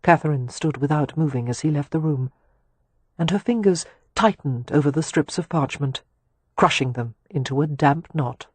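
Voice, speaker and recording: Brief: male audiobook reader, soft breathy tone, dry studio sound. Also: a little high, normal speed, dry recording. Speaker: audiobook narrator. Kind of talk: scripted narration.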